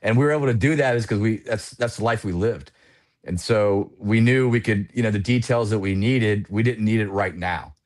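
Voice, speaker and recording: A man in his forties, a retired Air Force pilot, telling war stories casually as a podcast guest, animated and full of "you know" fillers. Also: lowish voice, normal speed.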